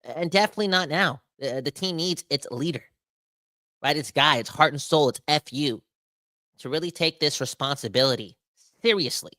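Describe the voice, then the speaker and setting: A man hosting a sports podcast, ranting with animated, emphatic exasperation. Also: on the high side, moderate pace, no echo, clean studio sound. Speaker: podcast host.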